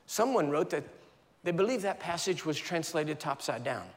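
An American man preaches in a fairly high voice, telling a gripping personal story with dramatic flair. His words ring out with a long reverb from a large church hall. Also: expressive, moderate pace. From United States. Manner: vivid, dramatic storytelling with sound effects. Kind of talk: storytelling sermon.

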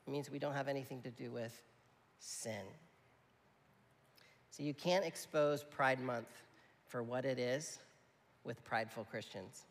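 A man's voice: medium pitch, a little slow, long pauses. A man preaching a sermon in a conversational, emphatic way, often checking in with his listeners. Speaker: pastor. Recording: long hall reverb.

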